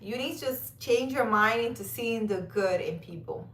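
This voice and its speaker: A woman's voice: fairly high pitch, moderate pace, a bit bright. A woman chatting casually on a livestream outdoors in a park at night, reading out viewer comments, talking straight to viewers by name and laughing often. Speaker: livestream tarot reader.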